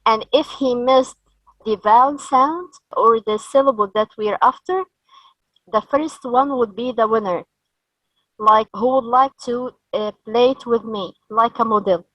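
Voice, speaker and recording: Slow, careful woman trainer, higher voice. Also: fairly bright tone, dry recording, low-quality recording. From Egypt. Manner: slow, explanatory, models sounds and tones. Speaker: teacher trainer. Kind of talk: training session for teachers.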